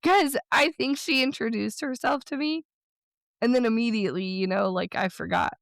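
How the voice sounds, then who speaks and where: Chatty woman podcast co-host, smooth voice. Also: fairly high pitch, no echo, studio quality. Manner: chatty, rambling storyteller with quick bursts. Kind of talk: casual podcast chat.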